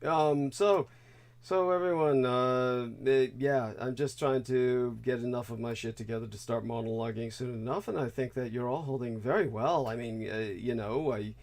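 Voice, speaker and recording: A man's voice: mid-range voice, normal speed, a little mellow. Rambling male talk-show host. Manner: rambling, many fillers and restarts. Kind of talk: casual talk-show chat.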